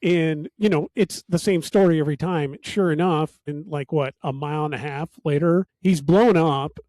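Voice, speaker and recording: A man's voice: fairly high pitch, moderate pace, a little mellow, no echo. A man hosting a casual podcast chat, telling stories in a wry, sardonic way. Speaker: podcast host.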